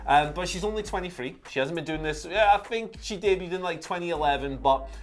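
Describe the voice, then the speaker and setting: A man's voice: a little high, fairly quick, faint music behind. Chatty man on wrestling news. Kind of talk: casual news chat.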